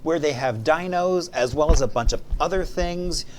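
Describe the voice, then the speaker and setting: A man's voice: fairly high pitch, normal speed, a little hiss or hum. A man co-hosting a morning show, chatting playfully and laughing often. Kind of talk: casual chat. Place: TV studio.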